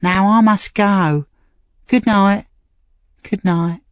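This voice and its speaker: A man's voice: fairly even intonation, dry recording. Frightened young woman, voiced by a male narrator. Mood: earnest sad. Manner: high, slow and pleading. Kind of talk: audiobook character reading.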